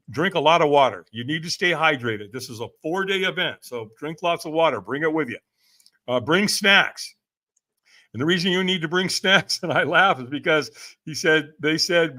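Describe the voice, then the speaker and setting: A man's voice: a little high, sharp tone. An older man, a guest in an interview, telling a story with a lot of energy, acting out the voices in it and laughing often. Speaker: podcast guest, personal development speaker.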